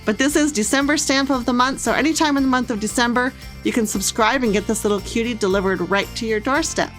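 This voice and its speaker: Gushy lady showing stamp crafts, kinda high voice, soft music under. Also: fast talker. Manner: bubbly and gushing, lots of "little" and "cute". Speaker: craft product presenter. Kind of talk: product demonstration.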